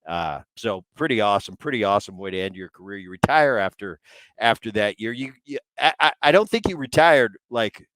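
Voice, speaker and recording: A middle-aged man hosting a sports podcast in a relaxed, chatty way, often restarting his sentences. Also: on the low side, a little fast, no echo, low-quality recording. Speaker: podcast host. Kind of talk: casual interview chat.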